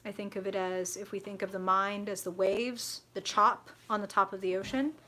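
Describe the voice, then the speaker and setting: A woman's voice: medium pitch, fairly even intonation, normal speed, pushed and bright, a little hiss or hum. A young adult woman hosting a live tarot reading, chatty and frank, swearing freely and answering viewer comments.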